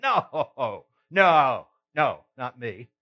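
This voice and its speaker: A man's voice: mid-range voice, big pitch swings, drawn-out words. A man playing the apostle Peter, retelling his failings in an earnest, emotional first-person monologue with sighs and rueful laughs. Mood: remorseful. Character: remorseful apostle Peter, adult man, earnest and self-reproaching. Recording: slightly muffled recording.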